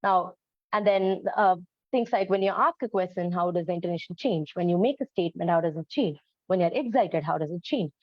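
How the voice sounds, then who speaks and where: A woman's voice: on the low side, brisk, no echo. Woman giving an earnest teaching talk. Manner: earnest, explanatory, many fillers. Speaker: presenter on storytelling for autistic children. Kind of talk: educational talk. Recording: dull, lo-fi, dry recording.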